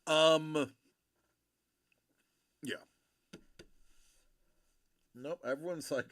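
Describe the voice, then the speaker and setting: Animated joking man hosting a stream. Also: mid-range voice, measured pace, dry recording, clean studio sound. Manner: joking, animated, rambling banter. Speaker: livestream host breaking trading cards. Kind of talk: casual chat with a live audience.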